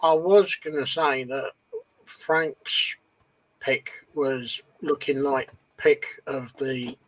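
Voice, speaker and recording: A man's voice: mid-range voice, fairly even intonation, very slow, fairly bright tone, rough recording. Agreeable man, faint hiss behind. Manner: agreeable, lots of short yeahs. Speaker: co-host. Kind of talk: casual live-stream chat.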